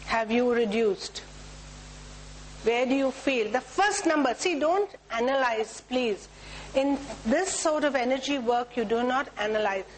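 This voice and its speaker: A woman's voice: on the high side, animated, unhurried, a little hiss or hum, poor audio. A woman with an Indian English accent leading a group through a tapping exercise, giving instructions and chanting repeated cue words. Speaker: workshop leader. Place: talk room with a group.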